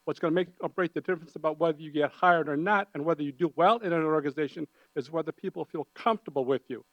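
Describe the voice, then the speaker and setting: A man speaking on a panel discussion, animated and engaging the audience with humor and questions. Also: on the high side, fast talker, highs cut off. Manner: animated, audience-engaging, uses put-on voices for quoted people. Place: conference hall.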